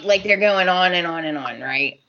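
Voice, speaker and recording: A woman's voice: on the low side, moderate pace, lo-fi sound, noisy background. A woman co-hosting a podcast, chatting casually about a soap opera and acting out the characters' lines with lots of laughs. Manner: animated, acts out characters' lines, laughs often. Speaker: podcast co-host.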